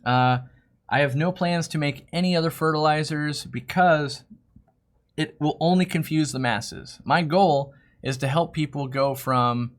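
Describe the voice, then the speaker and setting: A middle-aged man with a slightly high voice hosts a casual live-stream Q&A. He talks in a loose, animated way and keeps slipping into quoted back-and-forth conversations. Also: normal speed. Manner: animated, acts out customer dialogues in quoted voices. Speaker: host of a fish-keeping Q&A live stream.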